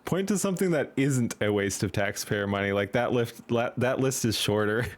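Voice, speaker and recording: Man, stream host, casual political chat, sarcastic, profane, mid pitch. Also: moderate pace.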